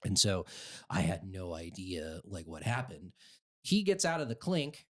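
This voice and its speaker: A man's voice: low-pitched, very animated, unhurried, a bit bright. Rambling, profane podcast co-host man. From Utah, USA. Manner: rambling, profane, full of fillers and voiced quotes. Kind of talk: casual storytelling chat.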